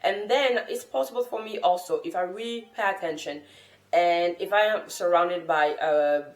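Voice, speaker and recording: A woman's voice: on the low side, moderate pace. A woman from France, a native French speaker, talking to camera in an earnest, thoughtful and encouraging way as a language-learning vlogger. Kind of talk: casual talk to camera. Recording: roomy echo.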